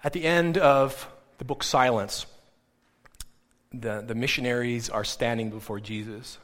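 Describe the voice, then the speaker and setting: A middle-aged male pastor telling a story in a sermon, animated and acting out the people he quotes. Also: mid-range voice, unhurried. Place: church. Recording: long hall reverb.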